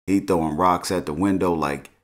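Deep-voiced laid-back recap host. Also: male voice, steady tone, moderate pace. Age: middle-aged. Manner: laid-back, slangy, laughs at his own jokes. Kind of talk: casual episode recap.

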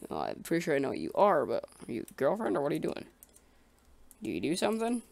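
Excitable gamer guy with a gravelly edge. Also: on the high side, fast talker, no room sound. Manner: excitable, talks to himself and the creatures in the game. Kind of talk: casual let's-play commentary.

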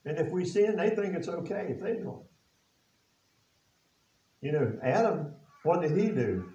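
A male pastor with a fairly high voice preaches a sermon, firing rhetorical questions at his listeners and reading scripture aloud in old biblical wording. His talk is plain and folksy. The recording is echoey and dull, picked up from some way off. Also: very animated, unhurried, dark tone. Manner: plain folksy speech with casual grammar. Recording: echoey, distant and dull-sounding.

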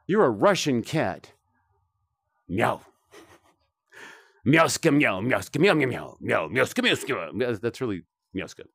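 A man's voice: mid-range voice, sing-song, measured pace, long pauses, fairly bright tone, slightly rough, no room sound, clean studio sound, heavily acted. A man putting on a meowing Russian cat. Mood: teasing. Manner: playful, repeats meows.

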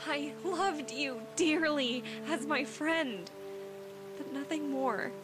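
A gentle young lioness, voiced by a woman, who pleads tearfully in a very high, slow voice. Loud music plays behind her in an animated clip. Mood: pleading.

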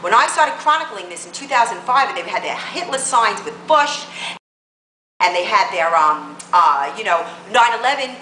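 A woman's voice: medium pitch, animated, normal speed, sharp tone, echoey room, a little hiss or hum, rough recording. A woman political blogger delivering a combative rant to camera, full of emphatic rhetorical questions.

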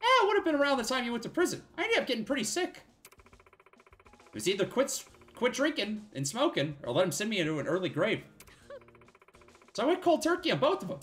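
A streamer voicing an upbeat former bar owner who has become a health nut, reading game dialogue aloud in a high, chipper put-on voice. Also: sing-song, fast, pauses often, fairly bright tone, faint music behind.

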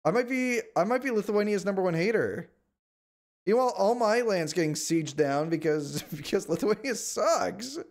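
A man's voice: sits high, expressive, normal speed. Exasperated, whiny male game streamer. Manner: whiny, exasperated outbursts and repeated complaints; shouts at the screen. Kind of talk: live gameplay commentary.

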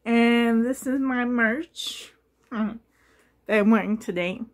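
A woman's voice: a little high, slow pace. A woman chatting casually in a home nursery, rambling and gushing, often laughing. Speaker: doll collector vlogger. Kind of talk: casual rambling vlog chat.

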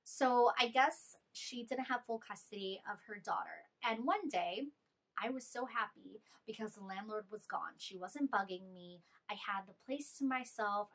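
A young woman vlogger telling an animated, exasperated storytime about a bad living situation. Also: medium pitch. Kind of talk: storytime vlog.

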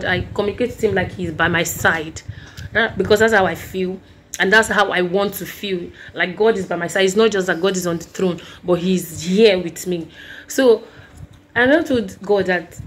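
A woman's voice: medium pitch, normal speed. A woman with a sore throat, earnestly recounting a dream and preaching, rambling with many restarts. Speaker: Christian vlogger.

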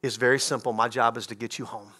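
A man voicing a calm, steady male air traffic controller who gives slow, reassuring, insistent instructions. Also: medium pitch, slightly rough, faint music behind, voice pushed down.

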